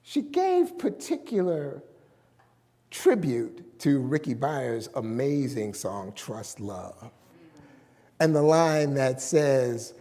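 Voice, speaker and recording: A man's voice: mid-range voice, sing-song, slow pace, dark tone, long reverb tail. A middle-aged man preaching a sermon as a minister, emphatic and drawing out his key words.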